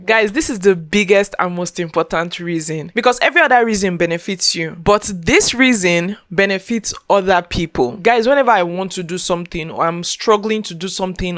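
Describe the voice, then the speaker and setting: A woman's voice: lowish voice, fairly bright tone. A young woman talking earnestly to camera as a content creator, repeating herself as she speaks from the heart. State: getting emotional, near tears. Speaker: content creator and podcast host. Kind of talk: casual talk to camera.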